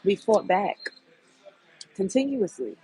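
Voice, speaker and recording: A woman's voice: mid-range voice, big pitch swings, slow pace, warm tone, husky, low-quality recording. A woman hosting a livestream, giving a blunt, heated and profane commentary rant to her viewers. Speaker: livestream host.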